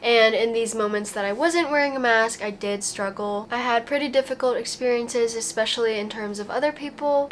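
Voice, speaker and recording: Young woman vlogger, high-ish voice, stuffy and nasal from a fever, earnest, faint background hiss. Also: fairly bright tone. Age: young adult. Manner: earnest, open storytelling. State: recovering from a fever. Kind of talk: casual personal vlog.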